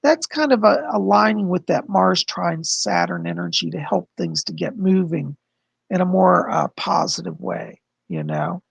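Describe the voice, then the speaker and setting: A man hosting a casual livestream astrology forecast, chatty and explanatory, hoarse as he loses his voice. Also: sits high, expressive, a little slow, dry recording, muffled recording. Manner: chatty, explains with frequent "okay?" and "you know". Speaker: psychic astrologer host.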